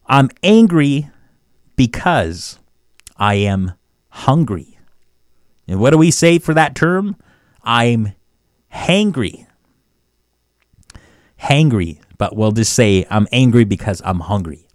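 A man teaching phrases of a language on a radio show, repeating each word slowly and chuckling between examples. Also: medium pitch, big pitch swings, no echo, clean studio sound. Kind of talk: casual language lesson.

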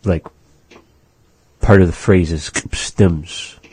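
A middle-aged man gives a relaxed language lesson, slowly and patiently repeating words to show how they sound. His voice is very low and mellow with a husky edge. It is recorded close and dry. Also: no echo. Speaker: language teacher.

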